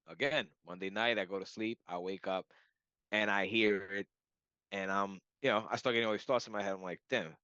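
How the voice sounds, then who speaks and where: A man telling a personal story in a casual, animated way, full of "like" and "you know". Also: on the low side, a little fast, smooth, no echo. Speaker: client giving a testimonial. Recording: dull lo-fi audio.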